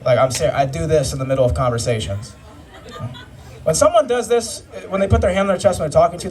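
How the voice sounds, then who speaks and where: Proper-sounding young man doing stand-up. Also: on the high side. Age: 20s. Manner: proper, formal-sounding talk with a dry delivery. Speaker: stand-up comedian. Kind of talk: stand-up comedy set. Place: live comedy club stage. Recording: distant live club recording with crowd laughter.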